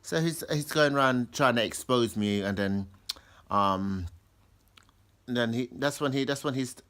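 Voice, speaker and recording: Man, mid-pitched, casual rambling storyteller, lots of restarts. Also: a little slow, fairly bright tone, clear, resonant tone. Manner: rambling, full of restarts, acts out others' lines in raised voices.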